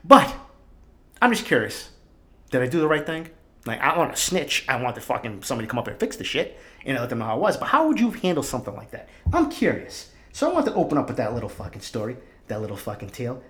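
A man's voice: mid-range voice, sing-song, fast, a bit bright. A man from East Boston with a Boston accent, hosting a podcast and telling a fired-up, profanity-laden story into his microphone. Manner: profane, fired-up, swears constantly. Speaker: podcast host. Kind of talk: casual storytelling rant. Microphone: studio microphone.

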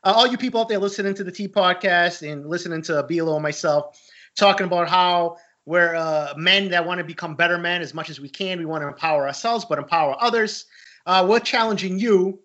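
Joking bright-voiced male podcast co-host. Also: sits high, brisk. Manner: joking, profane, rambling. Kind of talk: casual podcast chat. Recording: dull lo-fi sound.

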